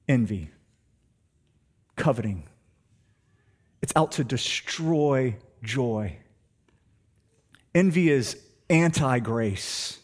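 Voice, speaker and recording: A middle-aged man, preaching a sermon and telling stories, swinging between hushed and emphatic delivery. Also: a little high, husky. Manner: animated storytelling, shifts between hushed and emphatic. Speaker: pastor.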